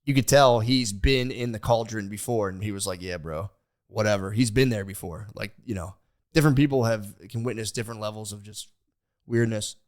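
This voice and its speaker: A young man on a podcast, rambling in casual chat, animated, swearing freely and restarting his sentences. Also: fairly low pitch, fairly quick. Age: young adult. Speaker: podcast host.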